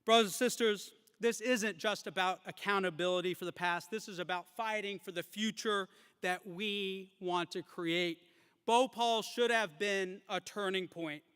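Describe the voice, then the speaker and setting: A man's voice: high-pitched, steady tone, a little slow, fairly bright tone, clear, resonant tone. A man ending a rally speech with earnest, direct appeals to the audience. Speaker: speaker at a climate rally. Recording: long hall reverb.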